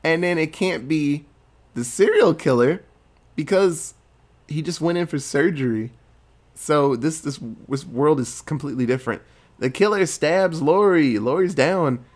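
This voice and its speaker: A man recaps a film plot in a loose, casual way, cursing often and keeping the story moving. His voice sits a little higher than most men's. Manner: profane, animated storytelling. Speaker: movie recapper.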